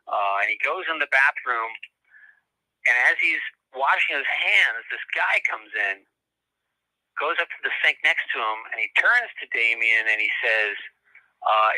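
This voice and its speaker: A middle-aged man, a guest author and lecturer, telling a long story in a casual interview, halting often with fillers and restarts. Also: mid-range voice, lively intonation, pushed and bright, dry recording, rough recording.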